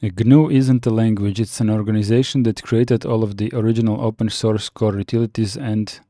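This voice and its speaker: A man chatting casually on a live stream, reading out viewer comments and answering with frequent pauses and restarts. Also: lowish voice, steady tone, mellow, no echo, studio quality. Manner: halting, many fillers and restarts, reads chat aloud.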